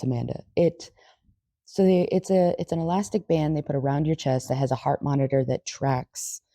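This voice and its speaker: A woman's voice: low voice, gravelly, warm tone, no room sound, clean studio sound. A woman chatting casually in a home vlog, swearing now and then and chatting with her dog. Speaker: vlogger. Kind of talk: casual chat. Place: home, indoors.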